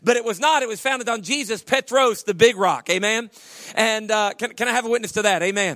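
Man, pastor, sermon, high bright voice, stammering restarts, folksy humor. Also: fairly quick.

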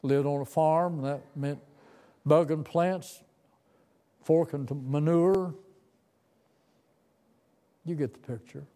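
Old guy preaching, slow and folksy, soft mellow voice, kinda high. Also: steady tone. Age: 70s. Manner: slow, folksy, tender storytelling. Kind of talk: sermon story.

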